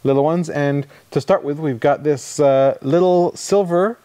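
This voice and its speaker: A man's voice: a little high, measured pace, warm tone, no room sound. A man hosting a casual gadget review chat, jokey and rambling. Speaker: podcast host.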